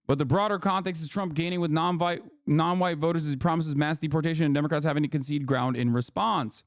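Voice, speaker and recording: A man's voice: a little high, fairly even intonation, fast, no room sound, clean studio sound. A man ranting through political commentary on a live stream, heated and emphatic, with heavy swearing. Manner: emphatic, repeats "okay?".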